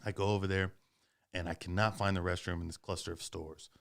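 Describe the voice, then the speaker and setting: A man casually telling a long, profane story on a podcast, animated and swearing often. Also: deep voice, fairly quick, vocal fry.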